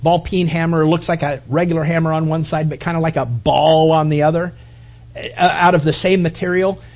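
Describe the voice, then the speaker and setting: A high-voiced man preaches a sermon with a husky edge. He tells his story in a lively way, acting out voices and sound effects. The recording is dull and lo-fi. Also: a little fast. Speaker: pastor.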